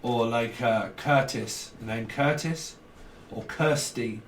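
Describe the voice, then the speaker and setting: A man's voice: mid-range voice, slow. A man giving a casual tarot reading, rambling and joking with chuckles between thoughts. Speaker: tarot reader. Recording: roomy echo, distant from mic, faint noise.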